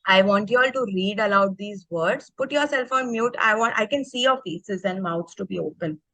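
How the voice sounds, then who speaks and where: A woman's voice: mid-range voice, moderate pace, a bit bright, dry recording, rough recording. A woman leading an online teacher workshop. She speaks with energy and keeps checking in with the group by asking "okay?". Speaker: teacher trainer. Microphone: video call.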